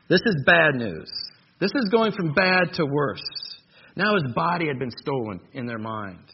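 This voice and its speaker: A man preaching an expository sermon, stressing key phrases by repeating them. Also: on the high side. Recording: dull lo-fi recording with faint noise.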